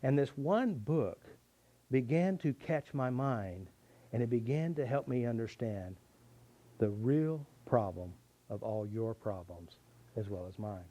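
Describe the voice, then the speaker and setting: A man's voice: mid-range voice, expressive, measured pace, warm tone, dull audio. A middle-aged man teaching a tapping therapy method, telling a personal story in an earnest, confessional way. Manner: earnest, confessional, with shifting emphasis.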